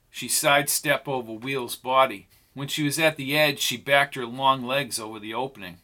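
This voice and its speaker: Bright-voiced male audiobook narrator. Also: mid-range voice, normal speed, hardly any pauses.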